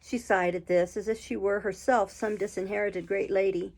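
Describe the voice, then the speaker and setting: A woman reading a classic adventure novel aloud in a steady, measured storytelling voice. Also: medium pitch.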